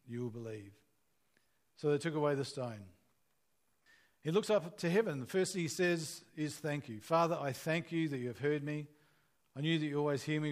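A man preaches a sermon in an earnest, conversational way, asking the listeners questions as he retells a scripture story. His voice is mid-range.

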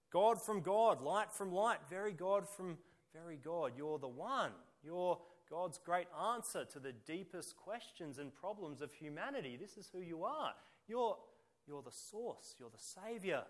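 Man, preacher, sermon, slightly high voice, emphatic, rhetorical questions, loud-to-quiet swings. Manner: emphatic, with many rhetorical questions and repeated phrases; swings between loud bursts and quiet, dropped endings.

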